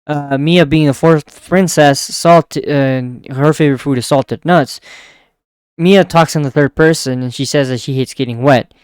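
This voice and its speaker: A man giving a casual chapter recap of a manga, chuckling often and reading character lines in a softer voice. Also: a little high, fairly even intonation, measured pace, clean tone, dry recording, studio quality. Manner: chuckles often while retelling scenes. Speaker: manga reviewer.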